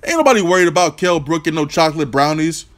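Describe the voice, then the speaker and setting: A man's voice: on the high side, animated, quick pace. A man hosting an opinionated, profane boxing vlog rant, brash and combative. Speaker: boxing commentator, channel host.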